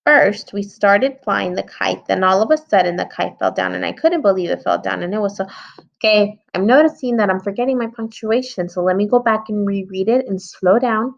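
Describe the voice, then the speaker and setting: This early-grade writing lesson comes from a woman teacher whose creaky, medium-pitched voice moves fairly quickly. Patiently reasoning aloud, she revises her story for the young kids, captured on slightly muffled lo-fi audio.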